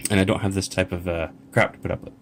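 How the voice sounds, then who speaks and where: Middle-aged male vlogger, lowish voice, indignant and rambling, faint ambience behind. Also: creaky, a little hiss or hum. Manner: indignant, rambling, reads emails aloud. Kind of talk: casual vlog commentary.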